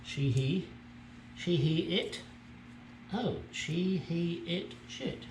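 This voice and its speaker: A man's voice: on the high side, lively intonation, extremely slow, a little hiss or hum. A man chatting casually while he works on a car in his home garage, with crude jokes and asides, picked up by a nearby camera mic. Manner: talks while working with tools. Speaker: car restoration vlogger. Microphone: camera mic on a stand nearby.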